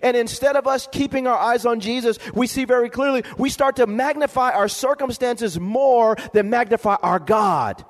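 Preaching to his congregation at a moderate pace with few pauses, a very high-voiced pastor repeats words to hammer each point and calls for amens. A long reverb makes him ring out as though in a church sanctuary.

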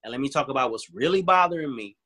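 A man's voice: mid-range voice, expressive, fast talker, pushed and bright. A man talking earnestly and emphatically in a casual chat, repeating his points. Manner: earnest, emphatic, repeats phrases, acts out both sides of arguments.

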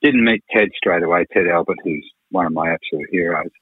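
A man's voice: deep voice, a little fast, slightly rough, no room sound. A man, a record producer, telling rambling, frank stories in a radio interview, full of "you know" and the odd swear. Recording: tinny phone-like radio line.

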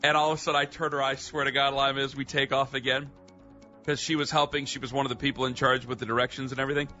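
A man telling a story on a radio show, lively and acting out what people said. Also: mid-range voice, racing, muffled recording, faint music behind. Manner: animated storyteller, acts out quotes. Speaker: radio contributor.

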